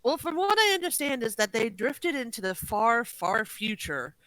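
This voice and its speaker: A woman's voice: a little high, very animated, moderate pace, a bit bright, dry recording, poor audio. A woman co-hosting a podcast, chatting casually in a teasing, jokey way. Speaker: podcast co-host. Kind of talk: casual review chat.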